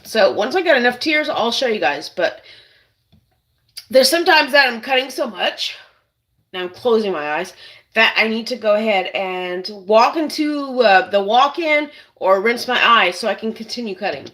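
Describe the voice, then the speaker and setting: A woman's voice: on the high side, animated, normal speed, fairly bright tone, low-quality recording. A woman hosting a casual cooking demonstration in a kitchen, chatting to viewers as she works. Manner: chatty, keeps addressing viewers as "you guys". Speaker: cooking channel host.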